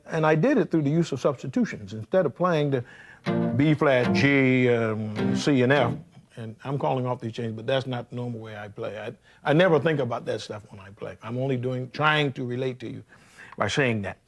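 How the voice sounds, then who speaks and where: An older man teaching jazz guitar in a relaxed, anecdotal way, scatting the melodies as he plays. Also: mid-range voice. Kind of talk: demonstrating at the guitar, talking between phrases. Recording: loud guitar under the voice.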